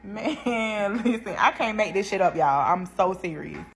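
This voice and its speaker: A young woman telling a prison story in a storytime vlog, animated and slangy, laughing as she goes. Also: medium pitch, a little slow, vocal fry, faint music behind.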